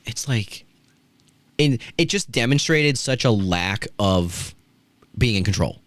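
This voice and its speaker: A man's voice: mid-range voice, expressive, slow, a bit bright, dry recording. A man hosting a casual wrestling podcast, ranting and swearing with mocking asides. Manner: profane, ranting, does mocking impressions. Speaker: podcast host.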